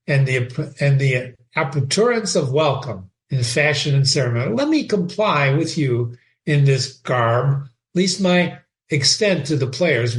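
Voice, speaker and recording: A man's voice: medium pitch, fairly bright tone. A man reading a wry brooding young prince.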